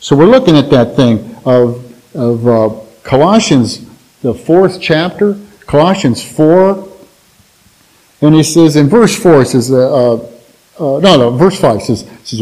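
A man's voice: a little high, expressive, a little slow, mellow, poor audio. A man giving an informal Bible teaching to his church in a plainspoken, folksy, conversational way.

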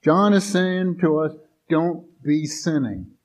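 A man with a slightly raised, husky voice preaches to his congregation in a folksy, conversational way. He stumbles over his words and restarts often, and slips into everyday voices when he quotes people. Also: on the high side, takes it slowly. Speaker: pastor. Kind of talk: sermon.

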